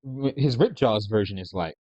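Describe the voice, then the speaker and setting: A man's voice: on the low side, animated, moderate pace, dark tone, dry recording. A man casually commenting on videos, rambling and hesitant with many restarts. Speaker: reaction video host. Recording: dry, dull lo-fi sound.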